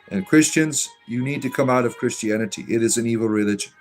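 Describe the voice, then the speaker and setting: A man's voice: medium pitch, fast talker, hardly any pauses, faint music behind. A man with a Southern US accent hosting a livestream, reading chat comments aloud in a rambling, hesitant way full of uh's and restarts, sarcastic and defiant in his answers.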